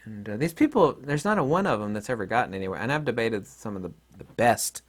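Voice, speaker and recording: A man's voice: mid-range voice, lively intonation, fast talker. A middle-aged man giving a blunt, combative monologue as an online commentator, with mocking asides. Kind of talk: opinionated monologue.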